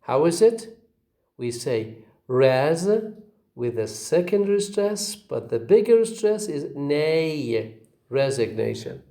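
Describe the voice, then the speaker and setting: A man's voice: high-pitched, big pitch swings, measured pace, warm tone. A male teacher giving a phonetics lecture, repeating each example word for drilling and asking questions he then answers himself.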